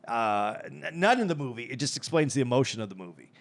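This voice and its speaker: A man's voice: medium pitch, fast talker, vocal fry. A middle-aged man co-hosting a podcast, retelling movie scenes in casual chat, often repeating words as he restarts. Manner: animated storyteller, repeats words, acts out movie lines. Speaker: podcast co-host.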